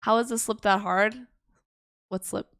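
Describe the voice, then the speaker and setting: A woman's voice: mid-range voice, steady tone, a little slow, a bit bright, clean tone, no echo. A young woman chats casually on a livestream, answering viewer questions. Her talk rambles through restarts and giggles. The sound is dry and close to the mic. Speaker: streamer.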